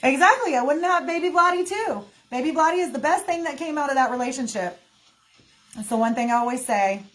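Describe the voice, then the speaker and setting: Emotional high-voiced woman talking to viewers. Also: lively intonation, brisk, a bit bright, faint music behind. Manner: emotional, addresses viewers as y'all. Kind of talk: emotional casual livestream talk.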